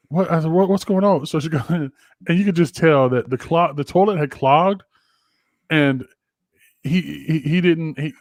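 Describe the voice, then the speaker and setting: A middle-aged man co-hosts a casual podcast from home, telling stories with lots of swearing and animated energy. His voice sits a little high. The sound is dry and close. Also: dry recording. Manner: profane, animated storyteller. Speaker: podcast co-host. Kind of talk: casual chat. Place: home office.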